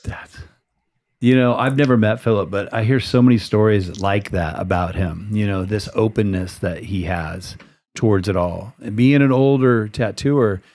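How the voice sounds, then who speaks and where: A man's voice: lowish voice, normal speed, a little mellow. An American man hosting a casual interview, talking in a loose, rambling way with many restarts and the odd curse word. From United States. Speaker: podcast host. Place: tattoo shop area in San Diego.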